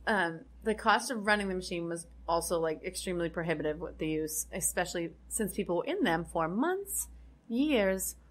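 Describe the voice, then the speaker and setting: A woman's voice: fairly low pitch, expressive, moderate pace. A woman co-hosting a casual podcast, explaining facts with many ums and restarts. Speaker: podcast co-host. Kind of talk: casual chat.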